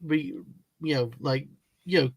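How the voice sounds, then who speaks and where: A man joining a casual livestream chat as a guest, eager and quick with his questions. His voice is fairly high, and the sound is dry. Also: dry recording.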